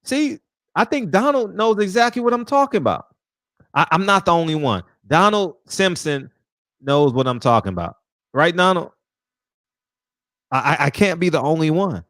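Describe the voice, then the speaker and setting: Laughing, animated man chatting with his stream. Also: a little high, normal speed, pauses often, no echo, studio quality. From American South. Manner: loud, laughing, profane banter with chat. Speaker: livestream host chatting with viewers. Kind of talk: casual livestream chat.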